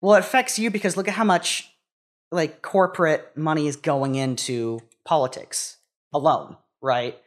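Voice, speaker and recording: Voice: medium pitch, moderate pace. A young adult talking in a casual conversation, hesitant and full of restarts. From United States. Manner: hesitant, many restarts and fillers.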